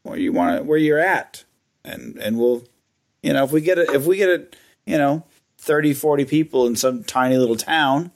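A man's voice: medium pitch, expressive, moderate pace, creaky. An American man co-hosting a podcast, chatting loosely and joking, with lots of fillers and restarts. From United States. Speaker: podcast co-host. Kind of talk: casual chat.

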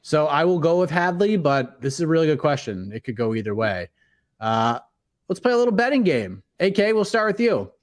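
A man hosting a casual panel chat, easygoing, often trailing off quietly. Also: on the high side, sing-song, brisk. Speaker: host.

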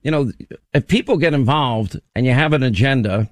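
A man hosts talk radio in a conversational, easygoing way and laughs readily. His voice sits at a middling pitch. It is recorded close on a studio microphone in a dry, dead room. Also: a little fast, no room sound. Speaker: radio talk show host. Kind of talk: casual talk radio chat.

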